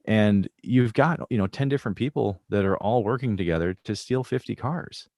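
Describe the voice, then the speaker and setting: Man, very low voice, podcast co-host, casual movie talk, thoughtful, dry close mic. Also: normal speed, darkish tone, dry recording. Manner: thoughtful, with frequent restarts. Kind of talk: casual chat.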